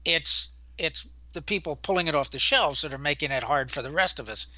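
An older man co-hosting a casual chat, talking earnestly and telling stories in a measured way. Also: a little high, pushed and bright, no room sound. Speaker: co-host.

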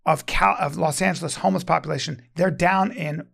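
A man's voice: fairly high pitch, a little fast, creaky, a bit bright. A man chatting casually, telling a rambling, profane story with lots of restarts. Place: Venice, Los Angeles resident.

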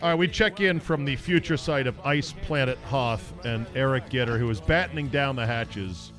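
A man with a mid-range voice hosts a podcast, speaking at a moderate pace over music. His talk is casual and opinionated, delivered in a blunt, crude, jokey manner.

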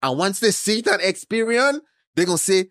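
A man with a somewhat high, very lively voice tells a story in casual chat, jumping into excited voices as he acts out phone calls. The sound is dry and close. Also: fairly quick, no room sound. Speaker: credit repair entrepreneur, podcast guest.

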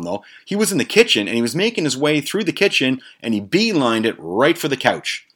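A man's voice: medium pitch, a bit bright. Rambling, foul-mouthed man telling a story. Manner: rambling, profane, amused. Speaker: podcast host. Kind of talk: casual storytelling.

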